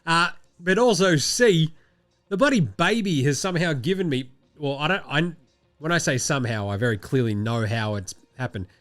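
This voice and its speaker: A man with an Australian accent hosting a casual sports chat from a studio, nasal from a head cold, animated and swearing. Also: a little high, normal speed. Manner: animated, swearing, mocking put-on voices. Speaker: podcast host. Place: home studio.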